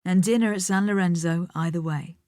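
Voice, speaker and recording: A suave male gallery owner, businesslike and patient, spelling things out slowly as if to a child, played by a woman narrator. It is an audiobook read, recorded close and dry. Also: on the low side, fairly even intonation, mellow, no room sound, close to an everyday voice. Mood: genial. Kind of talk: audiobook character voice.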